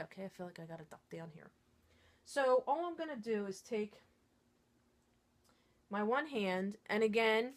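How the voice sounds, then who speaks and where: A woman's voice: mid-range voice, a bit bright. A woman, an intuitive reader and Reiki practitioner, chatting through a step-by-step lesson in her studio and checking in with frequent "okay?"s. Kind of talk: casual step-by-step teaching to camera. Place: her own studio shop.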